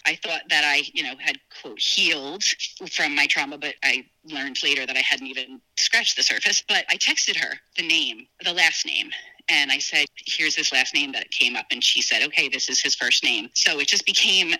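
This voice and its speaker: A woman from New Jersey, a podcast guest telling her own story in a casual, animated way and acting out quoted voices. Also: normal speed, rough recording. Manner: animated, acts out quoted dialogue with big pitch jumps.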